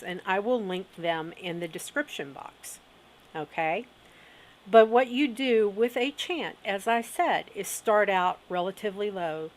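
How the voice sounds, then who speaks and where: A middle-aged woman talks through a witchcraft lesson at a slow, unhurried pace. She checks in with her viewers often. Her voice sits at an ordinary middle pitch. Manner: unhurried, frequent "okay?" check-ins. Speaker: witchcraft teacher. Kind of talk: instructional video talk.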